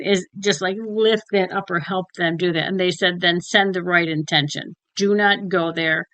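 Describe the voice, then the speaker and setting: Blunt, swearing woman co-host, low voice. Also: moderate pace, hardly any pauses, no room sound, dull audio. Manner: frank and blunt, swears freely, retells conversations with lively quoting. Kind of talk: casual spiritual chat.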